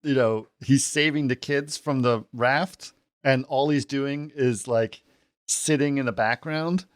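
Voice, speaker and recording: A man's voice: medium pitch, slow pace, no room sound, clean studio sound. A man co-hosting a casual movie podcast, telling stories animatedly and acting out lines he quotes. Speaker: podcast co-host.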